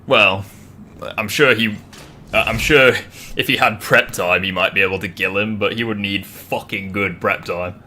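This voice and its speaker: Bright-voiced casual male streamer. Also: lowish voice, steady tone, normal speed, a little hiss or hum. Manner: casual, swears freely, stammers on restarts. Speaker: streamer host. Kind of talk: casual gaming stream debate.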